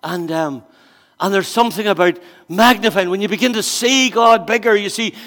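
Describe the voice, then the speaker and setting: A man preaching a sermon as a pastor, telling stories with acted-out voices and swinging from quiet asides to loud emphatic bursts. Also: high-pitched, moderate pace, big-room sound.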